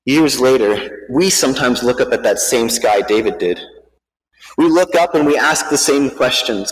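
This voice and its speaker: A man preaching, telling a dramatic story in a vivid, measured way, recorded with a long hall reverb. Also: medium pitch, animated.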